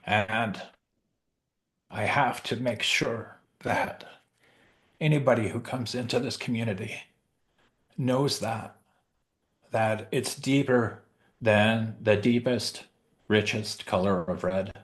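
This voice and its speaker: Casting note: middle-aged man, fairly low voice, halting and emotional storyteller, professional Santa. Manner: halting, emotional, many pauses and restarts. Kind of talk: heartfelt storytelling in a group chat.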